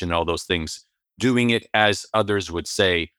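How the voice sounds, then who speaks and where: Host: man, very low voice, rambling and hesitant, dry sound. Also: moderate pace, fairly bright tone, dry recording. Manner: rambling, hesitant, many fillers. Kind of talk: interview conversation.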